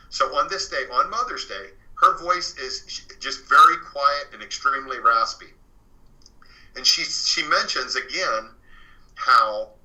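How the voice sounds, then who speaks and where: A man's voice: medium pitch, pushed and bright, dull audio. A man as an interview guest, earnestly telling a true paranormal story in a casual way, full of fillers. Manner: earnest and conversational, many fillers.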